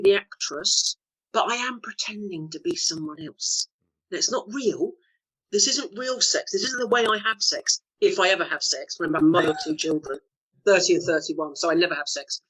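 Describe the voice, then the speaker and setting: A woman's voice: medium pitch, fairly bright tone, slightly rough, low-quality recording. A woman in her fifties, an actress guest, telling bawdy anecdotes in a chatty, laughing way during a casual interview.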